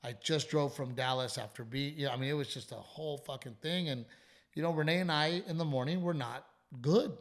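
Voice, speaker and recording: Man, comedy podcast host, animated storyteller, casual swearing. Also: fairly high pitch. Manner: animated storytelling, frequent swearing, quick asides. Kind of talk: casual chat.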